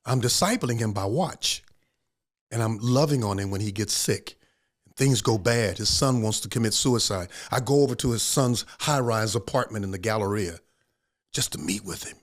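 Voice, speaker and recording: A man's voice: on the low side, normal speed. An older man, a pastor, telling a story in an interview and acting out the people he quotes. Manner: acts out quoted voices, laughs often.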